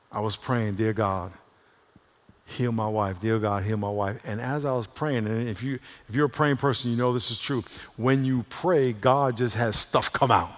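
A male pastor preaching a sermon, shifting between hushed talk and loud exhortation. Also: mid-range voice. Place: church sanctuary. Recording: long reverb of a large hall.

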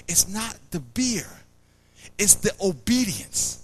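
A man's voice: sits high, unhurried, slight background noise. A man preaching a sermon to a live audience, acting out little scenes, repeating himself and quizzing the crowd. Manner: animated, acts out little scenes and quotes.

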